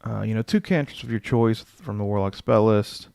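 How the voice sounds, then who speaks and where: Gravelly low-voiced man musing aloud. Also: moderate pace, darkish tone, dry recording, clean studio sound. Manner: muses aloud, reads rules text, answers chat. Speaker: streamer building a game character. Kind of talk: casual livestream chat, thinking aloud.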